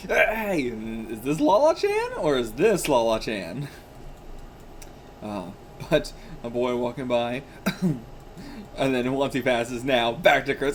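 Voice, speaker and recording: A man's voice: medium pitch, big pitch swings, a little slow, slight background noise. A man hosting a manga reaction video, talking in a chatty, casual way, laughing often and filling his talk with "like" and "you know".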